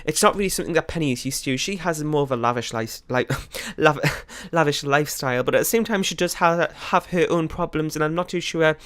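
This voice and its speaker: A man's voice: fairly high pitch, fairly bright tone, dry recording. Chatty man narrating a life-sim game. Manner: rambling and chatty, many fillers, quick laughs. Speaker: let's play host. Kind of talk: casual gameplay commentary.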